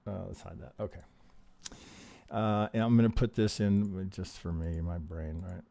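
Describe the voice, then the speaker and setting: Low mellow guy going over trading charts live, cussing a lot, dry close mic, always saying "right?". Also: fairly even intonation, normal speed, creaky, no room sound. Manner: profane, emphatic, acts out trader reactions, keeps asking "right?". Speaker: trading teacher reviewing charts on a live stream. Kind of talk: animated live-stream chart analysis.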